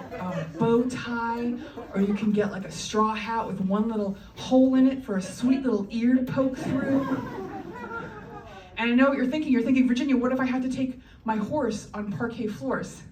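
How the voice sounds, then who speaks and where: A woman with a slightly high, somewhat mellow voice performs stand-up on a comedy club stage in front of a live audience, picked up from a distance. She's chatty and wry and often laughs between lines, and the roomy live recording carries crowd noise and ambience.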